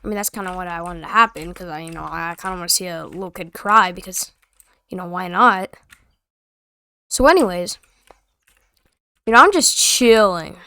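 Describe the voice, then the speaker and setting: A woman's voice: fairly low pitch, moderate pace, long pauses, bright, forceful tone, smooth, no room sound. A young woman telling a story in a casual, rambling, slangy and sarcastic way. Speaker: vlogger.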